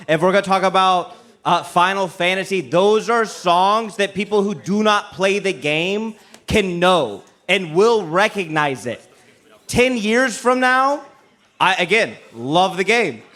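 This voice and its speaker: A man's voice: high voice, unhurried, a bit bright. A man arguing his side in a mock courtroom panel, emphatic and building to a firm closing, in front of a live audience. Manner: emphatic, builds to a rousing finish. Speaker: debating lawyer on a comedy panel. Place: convention panel room before a live audience.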